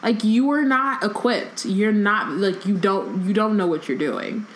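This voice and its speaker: A woman's voice: mid-range voice, unhurried, slight background noise. Woman reading book passages in an echoey room. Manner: recaps the plot plainly, then reads passages aloud. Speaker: podcast co-host. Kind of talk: casual chat and reading aloud from a book.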